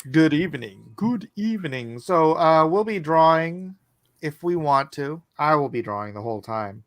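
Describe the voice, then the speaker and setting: A man's voice: on the high side, moderate pace, a bit bright, no echo, clean studio sound. A man hosting a casual online chat while drawing, rambling and jokey. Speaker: host.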